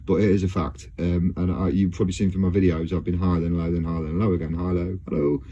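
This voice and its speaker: Speaking quickly and flatly in a low, mellow voice, a male video blogger gives a rambling casual monologue to his viewers. He hesitates, restarts, fills gaps, and laughs a lot. The recording is muffled with slight background noise.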